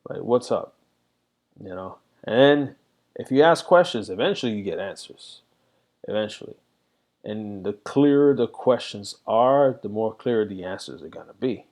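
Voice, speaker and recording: A man's voice: on the low side, animated, normal speed, darkish tone. A middle-aged man reflecting candidly in a rambling casual monologue, full of fillers. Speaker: vlogger.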